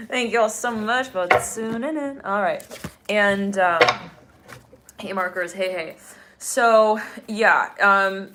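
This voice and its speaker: A woman giving a live-streamed tarot reading. She talks in a chatty, exclamatory way, laughs often and breaks into sudden excited bursts. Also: medium pitch, slow pace, noisy background. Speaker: tarot reader.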